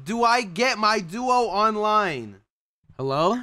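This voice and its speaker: In a high-pitched voice, taking his time, a young man of Mexican heritage talks casually with his livestream audience, cursing often. He gets excited easily and tends to shout and laugh without warning.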